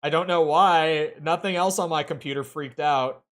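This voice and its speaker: A man's voice: on the high side, moderate pace, fairly bright tone. A man streaming a video game, chatting casually and swearing now and then. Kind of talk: casual gameplay commentary. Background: game music.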